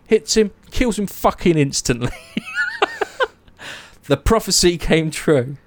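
A young man casually retelling myths, animated, swearing and acting out the characters' lines. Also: a little high, takes it slowly, slight background noise. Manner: animated storytelling, swears, acts out quotes. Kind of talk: casual chat.

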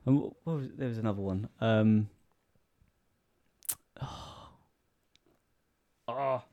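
A man's voice: lowish voice, takes it slowly, no room sound, muffled recording. A man in casual chat, laid-back, giving short replies with hesitant fillers.

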